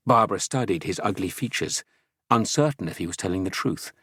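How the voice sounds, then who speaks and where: A man reading an audiobook as narrator, telling the story in a measured way. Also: deep voice, lively intonation, fairly bright tone, husky, dry recording, clean studio sound. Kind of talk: scripted narration.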